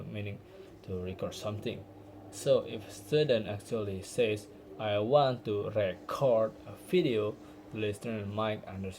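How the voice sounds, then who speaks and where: A man's voice: lowish voice, a little mellow, a little hiss or hum, poor audio. A young man, a university student from Indonesia, giving an earnest class presentation with small restarts. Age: young adult.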